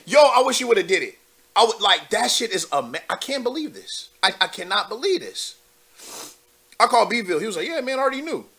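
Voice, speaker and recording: Young dude hosting a call-in stream, rambling commentary, kinda high and bright. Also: male voice. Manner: loose and conversational, many fillers and asides to viewers. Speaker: live call-in show host. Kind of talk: casual political commentary.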